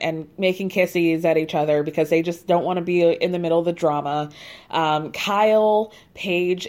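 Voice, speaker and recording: A woman hosting a podcast who gives a casual, chatty recap, telling the story in an animated way, swearing freely and laughing at her own asides. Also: on the low side. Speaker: podcast host recapping a reality show.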